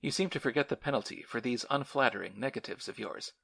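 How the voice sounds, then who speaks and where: A stern, determined young veteran, read by a male narrator in a storybook reading speaks in short, commanding lines. The voice sits at a middle pitch with a gravelly rasp. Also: fast, fairly bright tone.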